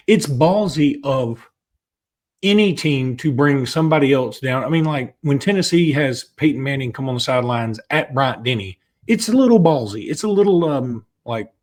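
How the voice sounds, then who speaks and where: A man's voice: mid-range voice, a little mellow. A man co-hosting a sports podcast, talking casually and joking as he breaks down a game. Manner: chatty, joking, with restarts. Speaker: podcast co-host.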